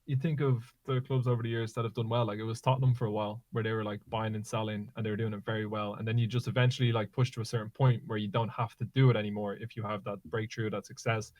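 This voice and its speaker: A man co-hosting a casual football podcast, bantering quickly and getting animated as he tells stories. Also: on the low side, dry recording. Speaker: podcast co-host.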